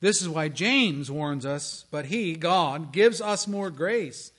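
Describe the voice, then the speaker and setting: A man delivers a sermon with a bright, forceful tone pitched a little high. He tells the story dramatically, sinking to near-hushes and rising to strong proclamations. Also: expressive, takes it slowly. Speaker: pastor.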